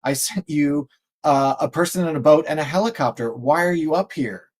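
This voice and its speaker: A man's voice: on the high side, normal speed, slightly rough. A man doing an exasperated God. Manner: incredulous, scolding. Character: exasperated God scolding a stubborn person. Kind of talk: joke storytelling.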